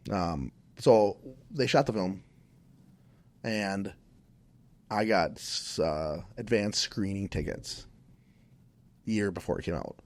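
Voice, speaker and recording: A man from Minnesota with a low, deep voice tells a story on a podcast. He talks casually and loosely, doubling back, restarting sentences and filling gaps with ums. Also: slow pace, long pauses. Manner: rambling, many restarts and fillers. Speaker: podcast guest.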